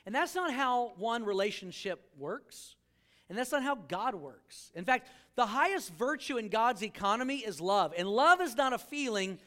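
A man's voice: very high-pitched, expressive, normal speed, a bit bright. A male pastor preaching a sermon to a live congregation, joking and acting out quoted voices as he talks.

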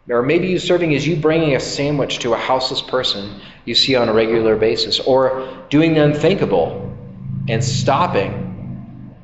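Pastor preaching in an echoey church hall. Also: male voice, mid-range voice, slight background noise. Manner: conversational, acts out quoted voices. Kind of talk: sermon. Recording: echoey hall, slightly dull sound.

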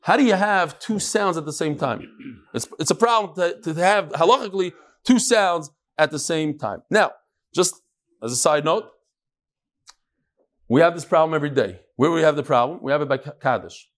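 A man teaching a Talmud class live, lively and joking, with Hebrew and Yiddish terms all through his talk. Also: on the high side, normal speed. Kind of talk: daf lesson to a live class.

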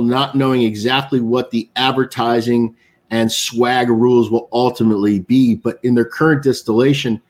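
Storytelling man, guest on a live interview. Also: medium pitch. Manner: storytelling, acting out others' quotes. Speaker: guest, cigar maker. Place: remote, live online show.

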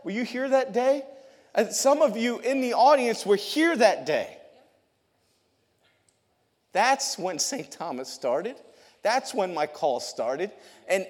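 Man preaching a lively testimony in reverberant church. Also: sits high. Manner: lively storytelling, laughs often, repeats words. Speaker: youth pastor. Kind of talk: testimony sermon to a congregation. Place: church sanctuary. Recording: long hall reverb.

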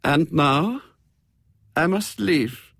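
An imperious older countess, played by a man reading aloud, speaks sharply and high. The tone is commanding, the voice husky and dry. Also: expressive, very slow, fairly bright tone, no echo, full character voice.

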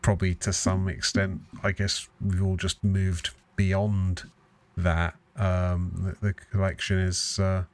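A man's voice: deep voice, level tone, takes it slowly. A man hosting a casual podcast chat, joking and swearing freely. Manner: sweary, self-mocking. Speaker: podcast host.

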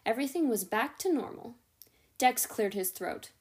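A young woman reading a novel aloud as a podcast host, steady with the odd stumble and self-correction. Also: a little high, moderate pace. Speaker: audiobook reader, podcast host.

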